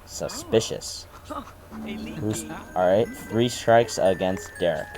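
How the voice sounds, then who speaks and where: A man's voice: low-pitched, normal speed, over music. A man giving casual let's play commentary, reading game text aloud with dry, sarcastic asides.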